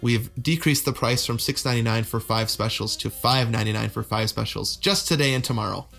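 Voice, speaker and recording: A young man chats easily on a podcast, joking around and laughing often. His voice sits at an ordinary middle pitch. Soft guitar music plays quietly underneath. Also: a little fast, vocal fry. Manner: easygoing, jokey, laughs often. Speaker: podcast co-host. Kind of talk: casual chat.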